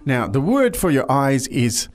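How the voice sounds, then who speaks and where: A man's voice: mid-range voice, sing-song, unhurried, soft background music. A man hosting a language lesson podcast, explaining words in a chatty way with frequent restarts.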